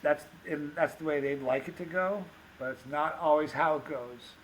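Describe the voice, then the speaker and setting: A man telling stories on a podcast, animated and acting out the dialogue of the people in them. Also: a little high, normal speed, a little hiss or hum, poor audio. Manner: animated anecdote-teller, acts out quoted dialogue. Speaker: podcast guest, pepper show host. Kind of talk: casual storytelling.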